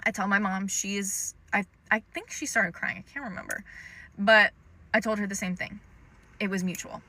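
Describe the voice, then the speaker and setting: A woman's voice: mid-range voice, fairly even intonation, moderate pace, sharp tone. A young adult woman telling a personal story in a casual storytime monologue, chatty and full of "um" and "like". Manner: chatty, lots of "um" and "like". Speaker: storytime creator.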